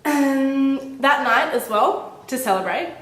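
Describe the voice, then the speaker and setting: A woman in her twenties chatting casually to her camera at home, telling a story with lively, bubbly energy. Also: slow pace. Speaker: vlogger. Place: indoors at home, a small room. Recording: echoey room with faint rumble.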